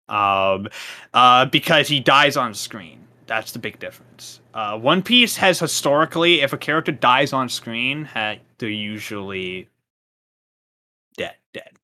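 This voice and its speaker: A man co-hosting a relaxed podcast, rambling through his points with lots of fillers and restarts. His voice is bright and forceful, and his tone is casual and easy to laugh. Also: mid-range voice. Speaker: podcast co-host.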